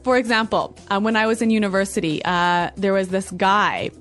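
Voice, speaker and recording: A woman co-hosting an English lesson podcast, upbeat with quick affirmations. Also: mid-range voice, steady tone, a bit bright, soft background music. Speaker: podcast co-host, English teacher. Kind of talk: casual teaching chat.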